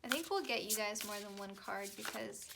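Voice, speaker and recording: A woman's voice: medium pitch, normal speed, vocal fry, background noise. A young woman giving a casual, chatty tarot reading, reassuring her viewers with plenty of fillers. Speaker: tarot reader.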